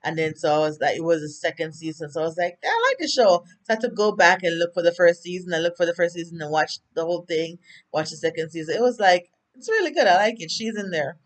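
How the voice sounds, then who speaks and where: This TV recap vlogger talks fast in a lowish, steady voice with a Jamaican accent. Casually retelling an episode, she chatters, rambles off on tangents, and performs the characters' lines herself.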